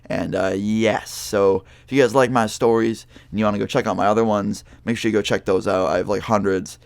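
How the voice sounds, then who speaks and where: A young man tells a personal story straight to camera. He rambles loosely, with fillers and swearing. His voice sits low and the sound is close and dry, with no room behind it. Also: fairly even intonation, a little fast, vocal fry, dry recording. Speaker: vlogger telling a story. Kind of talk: casual storytime monologue.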